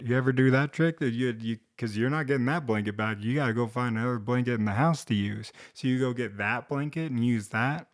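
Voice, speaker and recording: A man's voice: medium pitch, fairly quick, hardly any pauses. A young man telling a comedic story to camera in a rambling, self-deprecating way, with sarcastic asides. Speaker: storytime vlogger.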